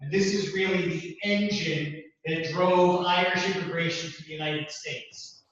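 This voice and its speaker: A man giving a classroom lecture with a measured, deliberate delivery and emphatic repeats. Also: high voice, fairly even intonation, fairly bright tone. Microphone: distant room mic, also streamed to Zoom. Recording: distant, echoey, dull hall recording.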